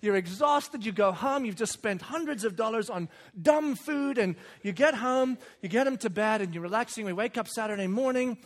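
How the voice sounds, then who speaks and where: A man, telling a lively story about his children and acting out voices with loud bursts. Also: high-pitched, moderate pace, hardly any pauses. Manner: animated, acts out kids and himself with loud bursts. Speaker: father and speaker. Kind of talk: storytelling talk.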